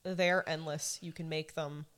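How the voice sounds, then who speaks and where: A woman's voice: sits low, fairly even intonation, a little slow, a bit bright. A young woman co-hosting a podcast, talking eagerly in a rambling casual way and laughing often. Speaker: podcast co-host. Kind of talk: casual chat.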